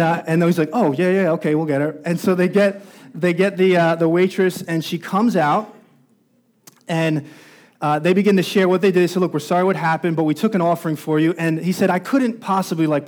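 Preaching with a slightly mellow voice on the high side, this pastor narrates a story and gets more intense as the sermon reaches its peaks.

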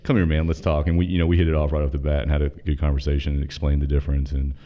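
Very deep-voiced fast-talking man. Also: highs cut off. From North Carolina. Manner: profane, animated, quotes dialogue in his story. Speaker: podcast guest, former Army officer. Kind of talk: casual storytelling.

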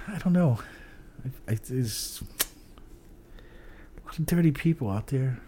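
Man, podcast chat, rambling, profane, pitch swings a lot. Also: expressive, slow pace, mellow, a little hiss or hum. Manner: rambling, swears a lot, trails off with "I don't know". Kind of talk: casual chat.

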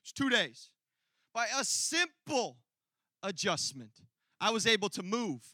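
A man's voice: sits high, very animated, measured pace, bright, forceful tone, no echo. A man preaching a sermon to a congregation, telling a story with laughter and asides to the crowd. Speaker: pastor. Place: church hall before a congregation.

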